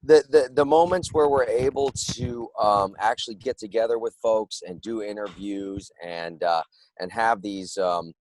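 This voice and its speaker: Middle-aged male guest, low-ish voice, relaxed and rambling, dry sound. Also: normal speed, low-quality recording. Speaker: guest actor. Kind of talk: casual interview chat.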